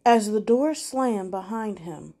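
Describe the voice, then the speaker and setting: A woman reading a Christmas story aloud at a church, calm and measured. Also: mid-range voice.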